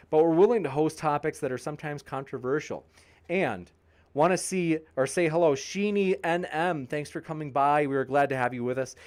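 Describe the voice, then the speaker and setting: A man hosting a debate channel, reading live chat shoutouts with jokey, playful banter and growing tired. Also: a little high. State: tiring, sipping water.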